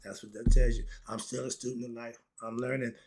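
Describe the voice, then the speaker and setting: A man's voice: mid-range voice, level tone, brisk, noisy background. A man giving a blunt, casual solo monologue. He reads a line aloud and then riffs on it in his own words. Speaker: solo commentator.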